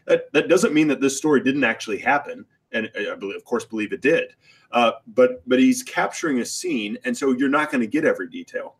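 A man's voice: mid-range voice, very animated, fairly quick, vocal fry, husky. A man in a casual theology chat, explaining points and thinking aloud with frequent hedges. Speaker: podcast co-host.

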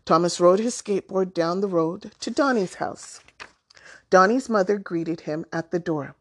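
Calm woman storybook narrator, very slow, deliberate delivery. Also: lowish voice. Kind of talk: storybook read-aloud.

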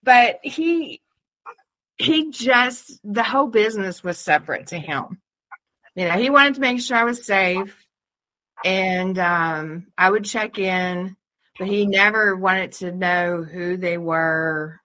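A woman's voice: mid-range voice, takes it slowly, sharp tone. A woman co-hosting a podcast, telling candid, profane stories in casual chat and laughing often. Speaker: podcast co-host.

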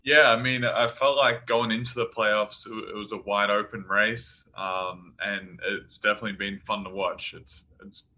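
Bright, flat-voiced man. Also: fairly low pitch, normal speed, few pauses. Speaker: guest, professional basketball player. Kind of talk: casual interview answers.

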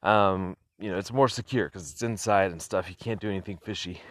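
A man's voice: sits low, fairly even intonation, brisk, fairly bright tone, dry recording. Guy rambling on his own podcast, laughs a lot, lots of ums, dry phone recording. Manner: rambling, chuckles often, lots of fillers. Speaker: podcast host. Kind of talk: casual solo podcast monologue.

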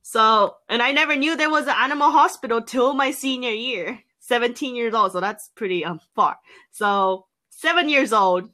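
A young woman from an island telling a story in a casual chat, lively and full of fillers, jumping into high quoted voices. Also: normal speed.

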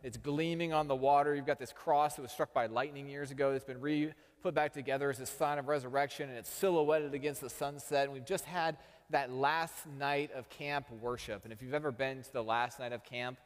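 A man's voice: mid-range voice, steady tone, a little fast, big-room sound. A man from Texas, a pastor telling a story in a sermon with self-deprecating humor.

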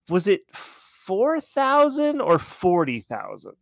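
A man's voice: fairly high pitch, takes it slowly, few pauses, no room sound, clean studio sound. A man co-hosting a podcast, recapping a cartoon episode in loose, swearing, laughing chat. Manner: animated, swearing, laughing storyteller. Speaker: podcast co-host.

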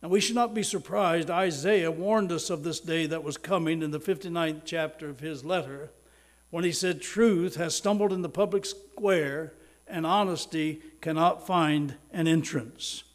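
A middle-aged male preacher delivering a sermon, slowing down for emphasis and swelling louder on key words, and leading the congregation in prayer. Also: on the high side, fairly even intonation. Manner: preaching with emphatic slow stresses and sudden swells in loudness.

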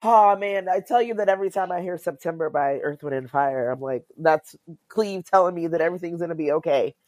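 A woman's voice: lowish voice, fairly quick, a little mellow, no echo. A woman co-hosting a podcast in casual chat, asking questions and chiming in often. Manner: conversational, asks questions, backchannels often. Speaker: podcast co-host.

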